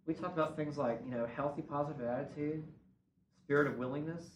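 A man's voice: fairly high pitch, fairly quick. A man presenting a conference workshop in a casual, conversational way, acting out sample conversations. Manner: conversational, acts out sample dialogues. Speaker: workshop presenter on worship ministry. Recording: roomy and distant, faint room noise.

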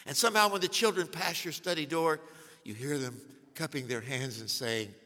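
An older man preaching a sermon as a pastor, telling humorous stories and swinging from hushed asides to loud declarations. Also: fairly high pitch, moderate pace. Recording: long hall reverb.

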